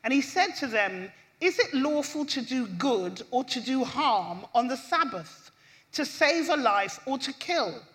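High, bright female preacher, impassioned sermon delivery with scripture reading. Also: big pitch swings, a little slow. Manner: impassioned, rising pitch on emphasis.

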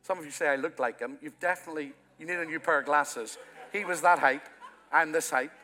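A man from Ireland, the pastor of the church, preaching a sermon that swells loud in places and then falls to a quiet, intimate tone. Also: a little high, a little fast. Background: soft music from the church band.

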